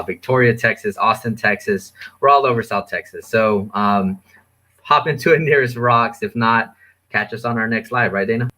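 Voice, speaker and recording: Low-voiced man giving supplement advice. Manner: relaxed, filler-heavy, coaching. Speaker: supplement store specialist guest. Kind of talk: casual advice chat.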